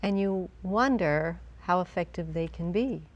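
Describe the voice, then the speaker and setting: A woman hosting a television interview, affirming her guest with quick interjections. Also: fairly low pitch, highs cut off. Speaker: talk show host.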